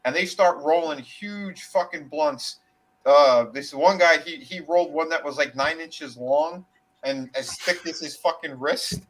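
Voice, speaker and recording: Man, slightly high voice, chatty podcast storyteller, loose and profane. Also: unhurried, a little hiss or hum, low-quality recording. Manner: animated retelling with acted quotes and laughter, swearing freely. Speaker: podcast co-host. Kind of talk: casual storytelling chat.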